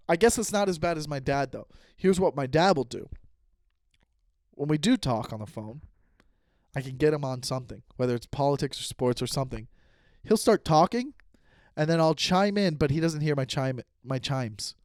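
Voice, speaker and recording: A man's voice: fairly high pitch, normal speed, a little mellow, no room sound, clean studio sound. A man hosting a comedy podcast, ranting in an exasperated monologue and acting out both sides of conversations. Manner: ranting, exasperated, acts out voices. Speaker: podcast host. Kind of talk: comic monologue.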